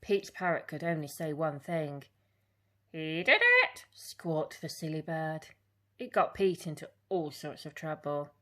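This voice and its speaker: A woman reading a children's picture book aloud in an expressive storytelling way. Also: low-pitched, unhurried.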